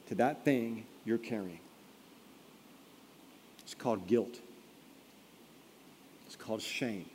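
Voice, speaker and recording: A man preaching a sermon in a mellow, dark voice, building to loud emphatic peaks before falling to a hush. His voice rings out through a large hall with a long reverb tail. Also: on the low side, slow, long pauses, slightly rough. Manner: storytelling, building to emphatic peaks then dropping quiet. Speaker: pastor.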